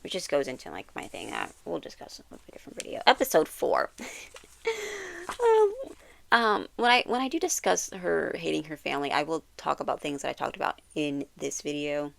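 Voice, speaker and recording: A woman giving a casual, rambling recap of a TV series, full of "like" fillers and quick self-corrections. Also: low voice, gravelly. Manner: quotes characters with animated bursts and laughs. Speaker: YouTuber reviewing a TV series. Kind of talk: casual episode recap and commentary.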